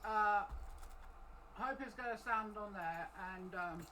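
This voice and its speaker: A woman's voice: mid-range voice, slow, pauses often, a bit bright, a little hiss or hum, low-quality recording. A woman playing a tabletop game who chats casually and makes self-deprecating, swearing asides. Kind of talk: casual chat.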